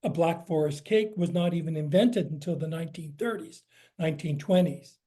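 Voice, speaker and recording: A man's voice: on the high side, brisk, dark tone. An American man, a cookbook author, answering audience questions in a chatty, explanatory way with frequent fillers. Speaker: guest speaker, cookbook author. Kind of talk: lecture Q&A.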